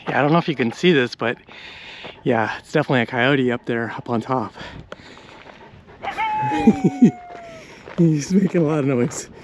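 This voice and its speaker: A man's voice: medium pitch, brisk. A man narrating a casual vlog while hiking a mountain trail outdoors, chatty and out of breath from the climb. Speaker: vlogger. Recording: noisy outdoor recording.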